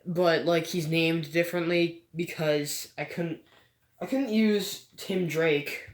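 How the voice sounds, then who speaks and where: A woman talks through her gameplay in slow, halting stretches, stuttering and trailing off as she goes. Her delivery stays low-energy and halfhearted. The room around her rings with a noticeable echo. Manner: rambling, hesitant, stutters. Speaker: gaming vlogger. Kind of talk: casual gameplay commentary. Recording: echoey room.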